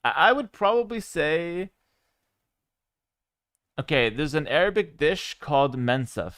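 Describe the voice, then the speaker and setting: A man streaming live, chatting casually with viewers in a relaxed, rambling way, with fillers. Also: a little high, measured pace, clean tone, no room sound, clean studio sound. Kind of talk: casual livestream chat.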